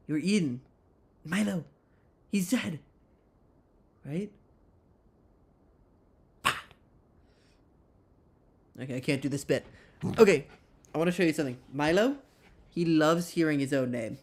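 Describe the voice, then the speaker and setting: A man hosting a casual livestream from home, chatting playfully and rambling, and cooing at his dog in a high voice. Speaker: livestream host.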